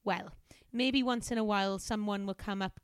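A woman's voice: mid-range voice, fairly even intonation, normal speed, clean tone, dry recording, close to an everyday voice. A woman voicing a chatty young female office temp in a put-on Welsh accent, confiding and talkative.

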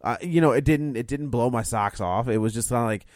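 A man's voice: mid-range voice, fairly quick, a little mellow, no room sound. Laid-back male co-host, dry mic. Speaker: podcast co-host. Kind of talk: casual chat.

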